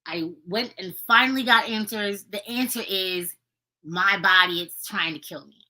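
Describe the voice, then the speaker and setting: A woman's voice: mid-range voice, moderate pace, bright, forceful tone, low-quality recording. A woman podcast host talking casually and earnestly to her viewers, coaching them and repeating points for emphasis. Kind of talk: casual motivational talk to viewers. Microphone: streaming video to viewers.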